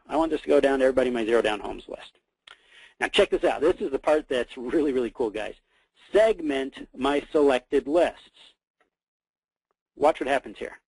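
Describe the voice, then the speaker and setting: A man hosting a webinar, talking casually through a software demo, repeating words and calling his listeners guys. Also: medium pitch, quick pace, gravelly, breathy edge, dry recording, rough recording. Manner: casual, repeats himself, many fillers, addresses listeners as guys. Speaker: webinar host.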